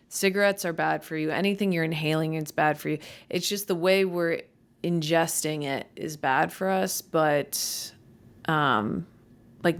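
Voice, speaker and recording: A young woman comedian hosting her own podcast, rambling casually, tripping over her words, easily irritated, with a voice that cracks. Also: fairly low pitch. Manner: stumbling, self-deprecating, easily irritated.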